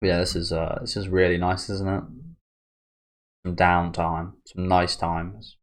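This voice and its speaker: A man's voice: sits low, flat delivery, a little slow. A man hosting a manga reaction, chatting casually and musing aloud as he reads, often restarting phrases and chuckling. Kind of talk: casual commentary while reading a manga.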